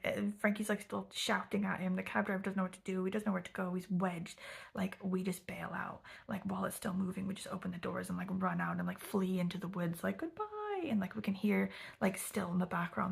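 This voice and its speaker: This storytime vlogger is a young woman whose mid-range, breathy, gravelly voice comes out flat and a little fast. Chatty and casual, she half-whispers a lot and fills her speech with "like."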